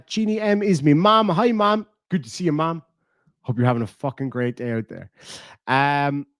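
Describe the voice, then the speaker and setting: A man's voice: fairly high pitch, no room sound, clean studio sound. An Irish man streaming, casually chatting and reading out viewer comments, swearing and laughing between rambling asides. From Ireland. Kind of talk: casual live-stream chat.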